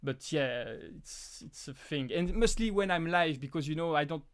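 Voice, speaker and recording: A man with a French accent, French as his first language, hosting a live prop-making Q&A in a halting way, with many restarts and fillers. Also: fairly high pitch. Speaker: prop-making channel host. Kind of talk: live stream Q&A chat.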